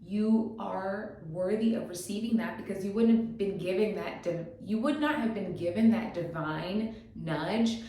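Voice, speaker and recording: A woman's voice: mid-range voice, a little slow, hardly any pauses, mellow. A woman giving a motivational teaching talk, encouraging and full of rhetorical questions, often checking in with "okay?". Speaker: motivational coach. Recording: very echoey room, distant mic.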